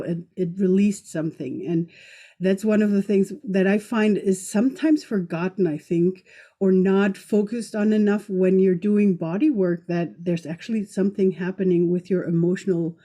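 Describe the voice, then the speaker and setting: A woman hosting a podcast, talking in a rambling way with many restarts. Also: mid-range voice. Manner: warm and rambling, hesitant restarts. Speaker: podcast host. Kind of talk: casual podcast conversation.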